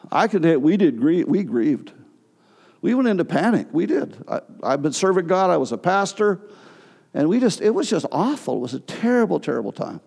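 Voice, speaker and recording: A middle-aged male pastor preaching a sermon, telling a personal story with emotion and halting restarts. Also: a little high, creaky, a little mellow. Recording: long hall reverb.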